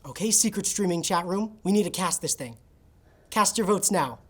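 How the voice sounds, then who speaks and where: A woman's voice: on the low side, animated, moderate pace, breathy edge. A woman playing a nonchalant, scheming young male assistant who talks offhandedly over a video call in a comedy sketch. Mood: offhand.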